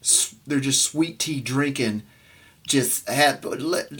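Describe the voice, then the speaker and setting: A man from Arkansas, telling family stories in casual chat, animated and full of restarts. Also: medium pitch, takes it slowly, slightly rough.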